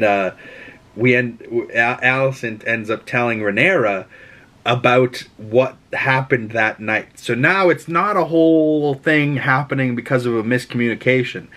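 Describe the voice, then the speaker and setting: A man's voice: medium pitch, a bit bright. A man with a Boston accent hosting a casual TV episode recap, rambling and enthusiastic, with lots of filler words and mild swearing. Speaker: TV recap host.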